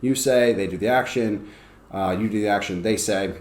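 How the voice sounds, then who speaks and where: A man teaching ESL, explaining and acting out classroom drills with bursts of excited, high calls. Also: moderate pace. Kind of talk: teaching demonstration. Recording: roomy echo.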